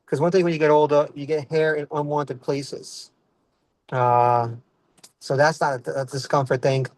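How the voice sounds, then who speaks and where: His pitch leans high and his delivery is flat, moving at a moderate clip. He's an Italian-American comic wandering through a stand-up bit from behind the wheel, recorded in the car, pausing to ask himself "what else is going on."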